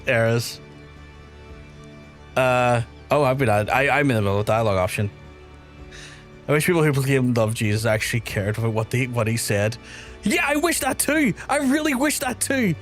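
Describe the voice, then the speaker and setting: A man's voice: medium pitch, sing-song, normal speed, a bit bright, faint music behind. A man live-streaming a game, ranting angrily at his chat with lots of swearing. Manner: angry, profane ranting.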